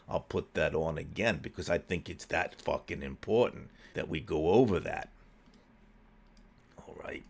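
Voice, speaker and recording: A man's voice: deep voice, vocal fry. A middle-aged man with a Philadelphia accent, ranting angrily about politics and swearing in nearly every sentence. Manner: swears constantly, grows heated and shouting. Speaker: political commentary host. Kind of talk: angry profane rant.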